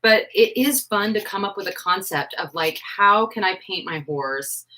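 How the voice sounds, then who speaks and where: A woman's voice: medium pitch, lively intonation, moderate pace, bright, forceful tone, poor audio. A woman in her forties chatting casually on a livestream, rambling with lots of "like" and "um". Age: 40s. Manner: rambling, full of "like" and "um". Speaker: livestream host. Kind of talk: casual live chat.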